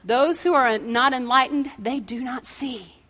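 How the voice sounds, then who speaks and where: High-voiced woman preaching. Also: a little slow. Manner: animated, swings between loud proclaiming and quiet storytelling. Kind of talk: sermon with storytelling and prayer.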